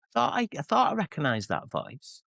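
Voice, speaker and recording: On the high side and gravelly, a bit bright, with wildly swooping pitch at a moderate pace, this man's voice is recorded dry. He's a Mancunian pop singer and author in his forties from England, an interview guest telling candid stories against himself, rambling, frequently restarting and acting out quotes.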